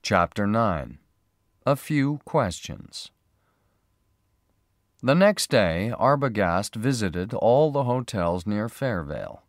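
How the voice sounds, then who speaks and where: Male narrator, slow clear reading for English learners, lowish voice, lively intonation, dry close sound. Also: no echo.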